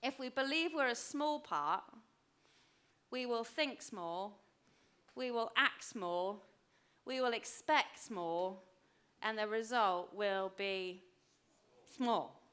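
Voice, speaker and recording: A woman's voice: a little high, slow pace, long pauses, smooth. Emphatic woman preaching. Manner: emphatic, repeats phrases for weight; drops to a hushed voice for personal stories. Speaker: pastor. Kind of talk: sermon.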